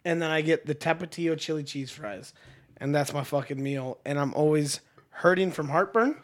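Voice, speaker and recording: High-voiced young man, crude and keen. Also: normal speed. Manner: crude, enthusiastic, says dude a lot. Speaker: podcast co-host. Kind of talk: casual podcast chat.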